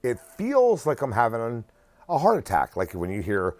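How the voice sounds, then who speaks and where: A man's voice: mid-range voice, huge pitch swings, moderate pace, no echo. A man in his forties telling a story in a blunt, profane, exasperated rant. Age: 40s. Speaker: vlogger. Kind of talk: casual ranting story.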